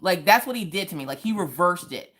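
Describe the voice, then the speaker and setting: A woman's voice: on the low side, animated, fairly quick, fairly bright tone. A woman hosting a casual craft livestream, chatting playfully, laughing often and reading viewer comments aloud. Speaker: livestream host.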